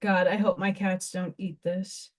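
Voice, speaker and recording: A woman's voice: on the low side, level tone, a little slow. A woman hosting a casual live craft stream from home, chatting and rambling to herself as she works. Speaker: livestream host.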